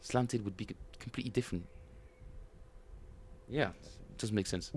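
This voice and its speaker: Casting note: a man streaming host, lowish voice, relaxed halting chat, faint bass guitar behind. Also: breathy edge. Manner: hesitant, many fillers, reads chat aloud. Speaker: bass player livestream host. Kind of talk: casual livestream chat.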